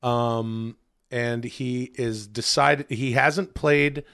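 A man co-hosting a podcast in casual chat, excitable and rambling, with many fillers and frequent swearing. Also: medium pitch, very slow, clean tone. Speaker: podcast co-host.

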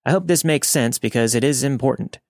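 A man's voice: mid-range voice, brisk, no echo. Man narrating a story, dry close sound. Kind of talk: scripted first-person story narration.

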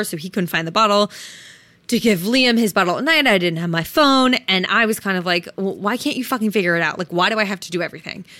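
A woman's voice: mid-range voice, sharp tone, no echo. A young woman hosting a solo podcast, talking frankly and reflectively about her own feelings, swearing casually as she goes. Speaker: podcast host. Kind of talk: solo podcast, candid personal talk.

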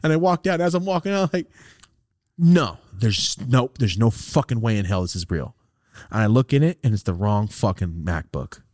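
A man hosting a podcast, telling a long rambling story in a casual, profane, animated way. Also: medium pitch, normal speed, dry recording, clean studio sound. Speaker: podcast host.

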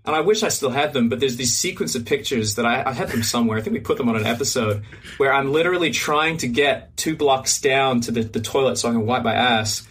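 A man's voice: medium pitch, fast, a little hiss or hum. A man on a podcast telling a long funny story in casual chat, acting out the other people's lines and swearing freely. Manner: animated, acts out quoted voices, swears freely. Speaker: podcast guest.

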